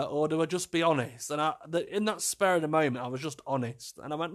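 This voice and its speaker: A man's voice: on the high side, fast talker, hardly any pauses. A man, hosting a casual solo podcast, chatty and self-mocking, laughing often as he tells stories. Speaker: podcast host.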